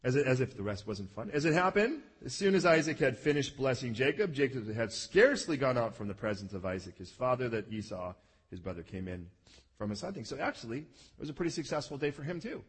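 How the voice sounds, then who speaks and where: A male pastor delivering a sermon, telling a story animatedly, acting out the characters and shouting their pleading lines. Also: medium pitch, sing-song, a little fast, breathy edge. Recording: long reverb of a large hall.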